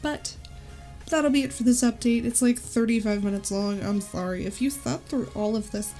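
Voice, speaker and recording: A woman chats to her viewers in a loose, apologetic channel update and drifts off topic easily. Her voice sits a little high but sounds warm and mellow. Faint music plays under her. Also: normal speed. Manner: chatty, apologetic, easily distracted. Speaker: YouTuber giving a channel update. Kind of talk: casual chat to camera. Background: faint background music.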